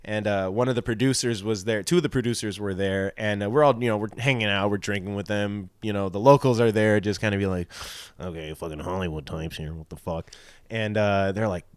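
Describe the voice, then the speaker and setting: A man's voice: lowish voice, steady tone, fast talker, hardly any pauses, clear, resonant tone, no echo. Profane, rambling young man on a podcast. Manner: rambling, profane, many fillers. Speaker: podcast co-host. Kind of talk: casual storytelling.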